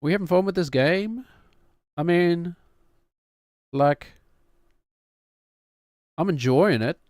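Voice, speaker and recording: A man's voice: a little high, takes it slowly, darkish tone, no echo, studio quality. A man in his thirties, a streamer who chats casually in a rambling, wry, self-mocking way. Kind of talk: casual chat.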